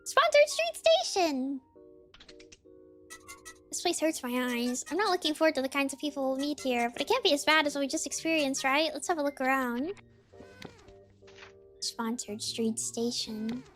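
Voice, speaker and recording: High-voiced woman streaming a game. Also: a bit bright, soft background music. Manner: reads game characters' lines in quick playful voices. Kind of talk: game stream, reading dialogue aloud.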